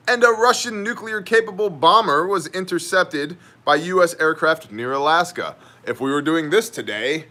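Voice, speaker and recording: A man's voice: on the high side, pushed and bright. A man hosting a daily news brief in casual style, sardonic and joking as he reads chat comments aloud.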